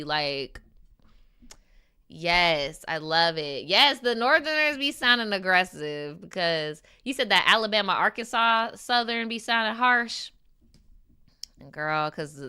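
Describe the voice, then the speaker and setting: A woman streamer reading viewer stories aloud and reacting in a casual, slangy, animated way. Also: fairly low pitch, smooth. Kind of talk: casual chat and story reading. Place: lives in New York.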